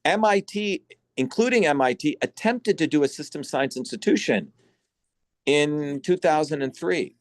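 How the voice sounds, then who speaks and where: A man hosting an online symposium, lecturing forcefully and bluntly over a video call, swearing for emphasis. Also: a little high, lively intonation, moderate pace, dry recording. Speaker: symposium host and educator.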